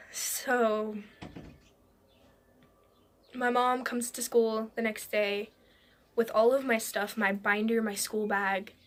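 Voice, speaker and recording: Woman telling a story, halting, slips into whispers. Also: on the high side, flat delivery. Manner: halting, with frequent restarts and drops into a whisper. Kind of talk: personal storytelling.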